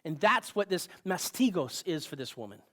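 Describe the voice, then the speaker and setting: A man's voice: a little high, big pitch swings, normal speed, fairly bright tone. A male pastor giving a sermon in a conversational style, with asides and bursts of rising emphasis.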